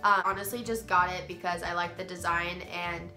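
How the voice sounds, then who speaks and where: In a lowish voice with little pitch movement, a young woman vlogs at a moderate pace, her tone bright and forceful though her nose is stuffed up from a cold. She tells personal stories casually and ramblingly, with many ums and restarts, over a roomy echo and faint music.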